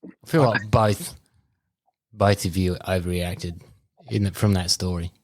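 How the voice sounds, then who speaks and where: Very low-voiced co-host, calm and measured, dry sound. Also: male voice, no room sound. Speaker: podcast co-host. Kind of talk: casual chat.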